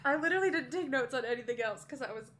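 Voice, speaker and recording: Animated woman co-host, high bouncy voice, quick to laugh and mimic. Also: a little hiss or hum. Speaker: podcast co-host. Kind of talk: casual chat.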